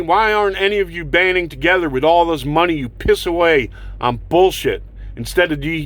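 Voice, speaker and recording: A man's voice: fairly high pitch, a bit bright. A man delivering an angry, profane political rant, with sarcastic mocking whoops and heated rhetorical questions. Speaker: political vlogger. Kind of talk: angry ranting monologue.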